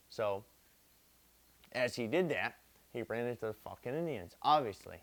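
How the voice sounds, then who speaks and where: A man's voice: mid-range voice, expressive, moderate pace, long pauses. A young man retelling history drunk, rambling and repeating himself, swearing constantly and using street slang. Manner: profane, repetitive, street slang. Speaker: drunk storyteller.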